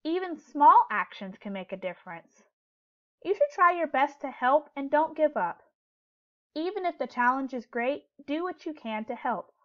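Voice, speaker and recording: A woman teacher giving a read-aloud lesson to young children, speaking clearly and gently and asking questions as she goes. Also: high voice, animated, moderate pace, dull audio.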